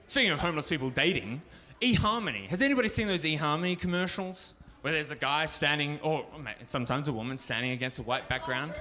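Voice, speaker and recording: A man's voice: a little high, very animated, normal speed, sharp tone. A man doing a crude, ranting stand-up routine at a pub show, swearing freely. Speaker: stand-up comedian. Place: pub stage, live show.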